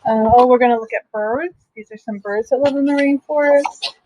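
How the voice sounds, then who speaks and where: A middle-aged woman teacher reading a picture book aloud to young students, explaining slowly with simple asides. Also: fairly high pitch, noisy background.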